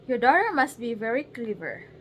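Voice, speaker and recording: A commanding storybook king who gives orders without softening, read by a woman at bedtime. His delivery is firm and plain, and faint household noise sits behind it. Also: a little high, sing-song, moderate pace, rough recording. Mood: stern. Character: stern demanding king, adult man.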